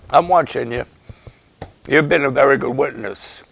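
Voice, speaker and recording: An older man, a pastor, giving an emotional, halting update and prayers for his ministry partners. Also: mid-range voice, a bit bright. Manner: emotional, halting, slow and gravelly.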